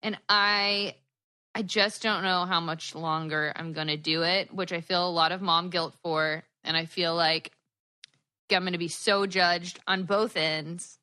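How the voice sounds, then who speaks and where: Bubbly bright-voiced woman chatting on a call. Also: lowish voice, a little slow, clear, resonant tone. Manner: bubbly, laughing, animated storytelling. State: tired new mother. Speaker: podcast co-host. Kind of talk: casual chat. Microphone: headphones on a video call.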